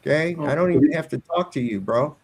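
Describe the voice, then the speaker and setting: A man's voice: on the high side, lively intonation, fairly quick, breathy edge. Blunt, profane male commentator. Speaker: panel commentator. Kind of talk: casual panel discussion.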